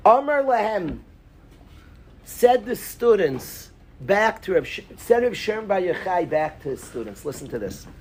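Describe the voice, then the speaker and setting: A man teaching a lively Talmud class in a synagogue, quizzing his students by name and mixing in Hebrew and Yiddish terms. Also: mid-range voice, slight background noise.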